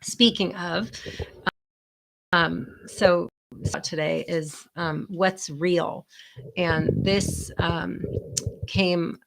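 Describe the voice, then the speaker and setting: Low, gravelly woman telling a story casually. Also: extremely slow, long pauses, a little hiss or hum. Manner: chatty, many fillers, animated quoting. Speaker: co-host, the host's daughter.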